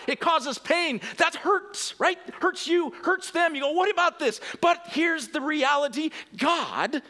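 Male pastor, sermon, high-pitched and lively, prone to outbursts and self-mocking laughs. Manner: animated, swings from quiet to shouted emphasis, laughs at himself.

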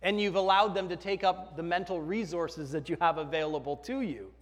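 A man's voice: high voice, a little fast, in a large hall. A man preaching a sermon to his congregation in a conversational way, joking with the people in the pews. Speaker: pastor. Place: church sanctuary.

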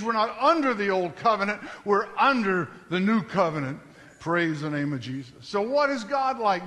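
A pastor, preaching a sermon in a church in a conversational style that climbs to emphatic peaks. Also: male voice, sits high, lively intonation, normal speed, a bit bright. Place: church sanctuary. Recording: long hall reverb.

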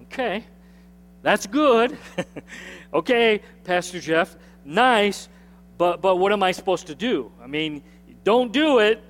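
A man's voice: sits high, expressive, slow pace, pauses often. A man preaching a sermon as pastor in a conversational way, repeating phrases and asking the congregation to answer back. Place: church sanctuary with a screen. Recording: long hall reverb from a sanctuary.

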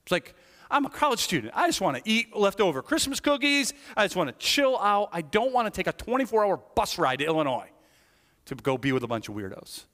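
A man giving a sermon testimony, telling his story with lively acted-out asides. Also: high voice, brisk. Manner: animated storytelling, acting out his younger self. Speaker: pastor. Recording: long hall reverb.

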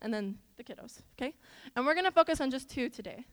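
High-voiced woman preaching in echoing hall. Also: fast talker. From Iowa, US. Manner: animated, talks straight to the audience with asides. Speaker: church speaker. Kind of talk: chatty sermon with storytelling. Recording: long hall reverb.

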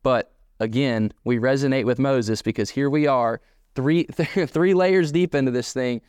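A man's voice: medium pitch, a little slow, darkish tone, clear, resonant tone, no echo, clean studio sound. A man preaching a sermon as pastor, emphatic and repetitive, pressing his points home again and again.

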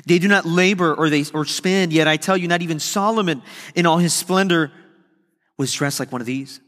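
A man preaching a sermon earnestly, slowing down and stretching key phrases for emphasis. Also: fairly high pitch, fairly bright tone. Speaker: pastor. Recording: long hall reverb.

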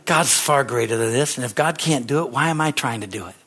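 A pastor preaching a sermon, telling stories with excitement that climbs to shouts, repeating phrases and calling for amens. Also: male voice, medium pitch, brisk, slightly rough. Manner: repetitive, emphatic phrasing with call-and-response.

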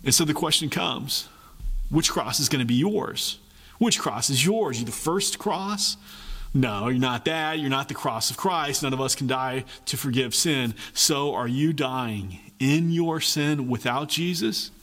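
A man's voice: mid-range voice, a little slow, fairly bright tone, big-room sound. Man preaching an earnest sermon. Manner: earnest preaching with repeated phrases and frequent pace shifts. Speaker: pastor.

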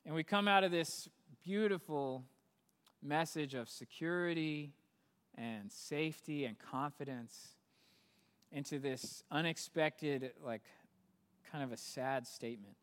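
A man's voice: a little high, slow, fairly bright tone. A man preaching a sermon as pastor, talking conversationally and building to emphatic peaks. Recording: long hall reverb.

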